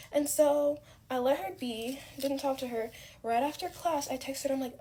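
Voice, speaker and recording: A young woman telling a casual story from her college days. She rambles a little and fills her talk with "like" and "um," and her retelling is lively. There is clear background noise behind her. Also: high-pitched, moderate pace. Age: young adult. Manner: rambling, filler-heavy, animated retelling.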